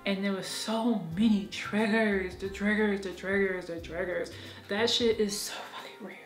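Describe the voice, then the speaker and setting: A woman's voice: medium pitch, fairly even intonation, moderate pace, roomy sound, faint music behind. A woman talking frankly and emotionally in a candid personal vlog, swearing freely and laughing often. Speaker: vlogger.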